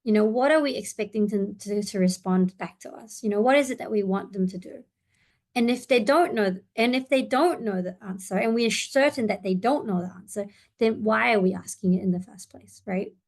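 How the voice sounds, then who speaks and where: A woman's voice: mid-range voice, brisk. A woman therapist leading a parent seminar, talking it through with many ums and you-knows. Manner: friendly, thinking aloud with many fillers. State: voice breaking slightly. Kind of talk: online seminar presentation.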